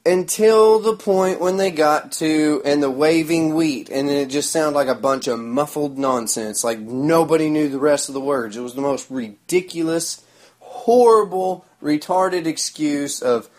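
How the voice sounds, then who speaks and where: A man's voice: a little high, normal speed. A man, telling a rambling story in a sarcastic, crude, mocking way. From Oklahoma. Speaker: vlogger.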